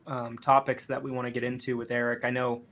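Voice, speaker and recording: A man's voice: mid-range voice, little pitch movement, quick pace, a bit bright. A man hosting a live podcast over a video call, rambling as he sets up questions, with many fillers. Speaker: podcast host.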